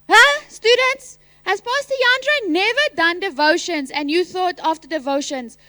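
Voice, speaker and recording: A woman teacher leading a school assembly into a microphone, animated and teasing, quizzing the pupils and calling out loudly at times. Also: very high-pitched, normal speed, hardly any pauses, no room sound.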